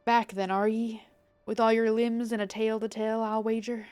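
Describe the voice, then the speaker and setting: A woman voicing a gruff male pirate-town guild master, reading game dialogue aloud with a rough drawl that slides into a southern US twang. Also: fairly high pitch, little pitch movement, moderate pace, a little mellow, soft background music, natural voice.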